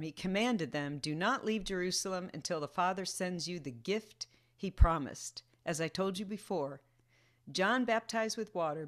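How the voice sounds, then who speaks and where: A woman leading a prayer meeting over a video call, reading scripture aloud and earnestly asking listeners direct questions. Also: on the low side.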